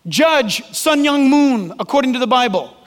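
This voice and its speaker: A man's voice: extremely high pitch, lively intonation, normal speed, long reverb tail. A man preaching a sermon as pastor, emphatic and joking, calling on listeners by name.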